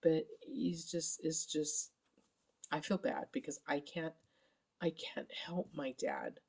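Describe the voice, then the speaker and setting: A woman's voice: low voice, fairly even intonation, slow, darkish tone, breathy edge. A middle-aged woman caring for her father, giving a candid, rambling vlog update while exhausted. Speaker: family caregiver.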